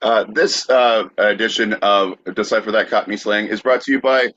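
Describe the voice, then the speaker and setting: A man's voice: on the low side, fairly even intonation, moderate pace, hardly any pauses, fairly bright tone, no echo, muffled recording. A man co-hosting a podcast, hesitantly introducing a segment and reading with frequent fillers. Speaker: podcast co-host. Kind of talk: casual comedic banter.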